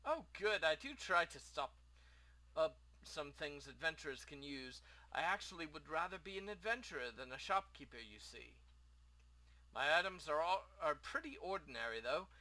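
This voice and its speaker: A man's voice: fairly high pitch, expressive, normal speed, bright, forceful tone, voice pushed up. A man voicing a chatty, eager shopkeeper, reading game dialogue aloud.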